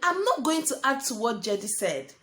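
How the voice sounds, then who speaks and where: A young woman teaching a lesson to small children, speaking slowly and repeating words while she writes on a board. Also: fairly high pitch, big pitch swings, fairly bright tone. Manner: slow, sing-song teacher talk addressing children as friends; talks while writing on a board. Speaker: primary school teacher.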